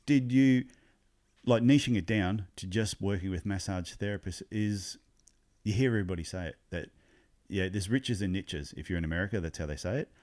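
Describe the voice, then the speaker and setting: A man's voice: deep voice, brisk, a little mellow. An Australian man hosting a podcast interview, with an upbeat, chatty manner. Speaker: podcast host.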